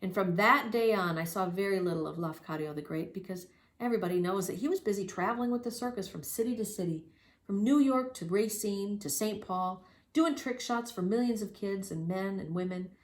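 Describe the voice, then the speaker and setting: A woman reading a children's story aloud with lively, expressive storytelling and spoken sound effects. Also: medium pitch, fairly quick. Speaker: reader. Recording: roomy echo.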